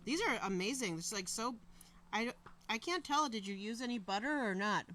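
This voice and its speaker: A woman's voice: fairly high pitch, animated, moderate pace, a bit bright, no echo. A woman co-hosting a live outdoor show from a theater patio, telling rambling stories with lots of fillers. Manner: rambling anecdotes with many fillers. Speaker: co-host. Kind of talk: casual chat.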